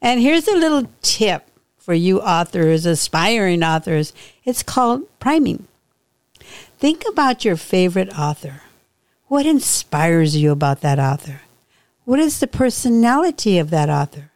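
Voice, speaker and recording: A woman podcast host and author reading her own novel aloud in a slow, unhurried storytelling manner. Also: on the low side, sing-song, a little mellow, no echo.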